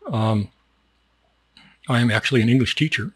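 A man's voice: medium pitch, normal speed, husky, no echo. A man giving a rambling, jokey mock-educational monologue and laughing at his own jokes. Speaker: comedic video host.

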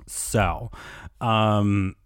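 A man's voice: lowish voice, steady tone, extremely slow, clear, resonant tone, no room sound, studio quality. A man hosting a solo podcast, rambling through celebrity gossip in a casual way, with constant fillers and swearing. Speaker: podcast host.

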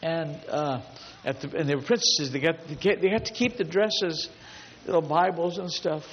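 A man's voice: a little high, moderate pace, slight background noise. A man preaching a sermon as a pastor, telling stories emphatically and building long repetitive lists. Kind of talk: storytelling sermon. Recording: dull lo-fi sound with long hall reverb.

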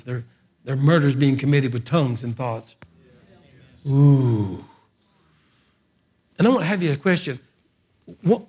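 Male preacher, sermon, animated storytelling, humorous asides, higher-pitched voice. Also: slightly rough.

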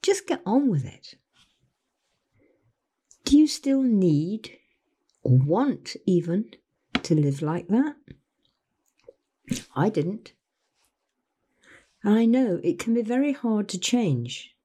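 Older woman, motivational coach, mellow tone, lively pitch. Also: slow pace, long pauses, breathy edge. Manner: earnest, acts out other people's voices when quoting them. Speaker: life coach. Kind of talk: motivational talk to camera.

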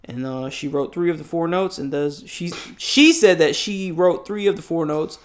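A young man co-hosting a casual podcast, reading news articles aloud with halting fillers and restarts. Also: fairly high pitch, lively intonation. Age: young adult. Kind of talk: casual news-reaction chat.

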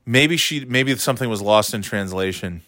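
A man's voice: on the low side, animated, moderate pace, sharp tone, no room sound, studio quality. A man hosting casual commentary, sarcastic and rambling, with frequent swearing. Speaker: commentary host.

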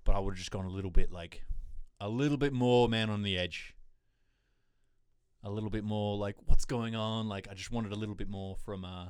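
A man's voice: on the low side, fairly even intonation, moderate pace, a little mellow, smooth, no echo, studio quality. A man co-hosting a podcast in casual chat, rambling with lots of restarts and fillers. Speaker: podcast co-host.

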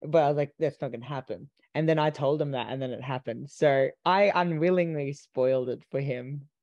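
A man's voice: a little high, a little fast, dry recording, muffled recording. Sheepish man explaining himself, dry. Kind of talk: casual chat.

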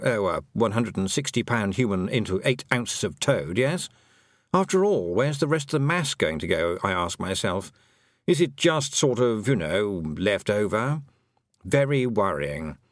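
A man's voice: on the low side, sing-song, measured pace, no room sound, clean studio sound. A man voicing an anxious male toad who thinks he was once human, rambling and fretful.

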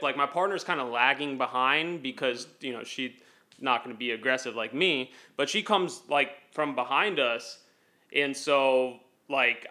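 A man's voice: medium pitch, pushed and bright, no room sound. A man telling a story in an interview, rambling with lots of fillers and restarts, and getting heated and emphatic as he goes. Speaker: activist guest.

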